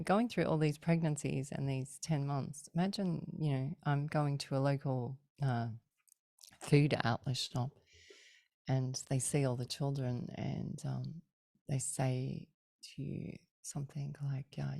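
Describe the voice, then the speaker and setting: A middle-aged woman, a podcast guest, telling stories in a casual, animated way, acting out the voices of people she quotes and laughing often. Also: rumbling low, gravelly, no room sound. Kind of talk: casual storytelling.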